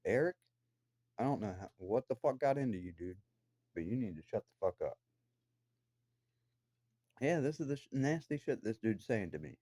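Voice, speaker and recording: A man's voice: on the low side, lively intonation, normal speed, pauses often, dark tone, no room sound. A man delivering an angry, profane, accusatory rant to the camera from his own room downstairs in a house. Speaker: vlogger.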